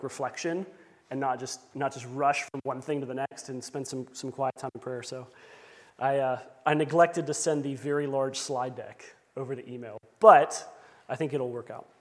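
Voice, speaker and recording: A man's voice: medium pitch, long reverb tail. A man preaching a sermon as pastor, conversational with self-deprecating asides.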